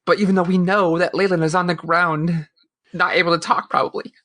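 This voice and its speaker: Animated woman recapping a TV episode. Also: on the low side, fairly quick. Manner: animated storytelling, laughs often. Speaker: podcast co-host. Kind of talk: casual chat, recapping a TV episode.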